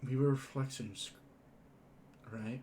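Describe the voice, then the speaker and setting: Weary gentle adventurer, as a man reads him; soft, halting, close to a plain voice. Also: medium pitch, fairly even intonation, a little hiss or hum, lightly acted. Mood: subdued.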